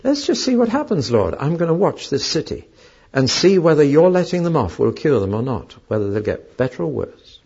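A man voicing a stubborn, indignant male prophet who lectures God in a raspy, raised voice. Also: on the high side, sing-song, brisk, darkish tone, heavily acted. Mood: smug. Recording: dull lo-fi recording.

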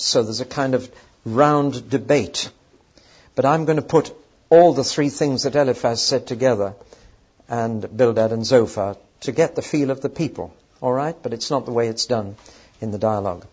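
A man's voice: medium pitch, measured pace, husky. A man teaching on a Bible passage in a conversational way, often putting questions to his listeners. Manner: conversational, asks the audience questions. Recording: dull lo-fi recording.

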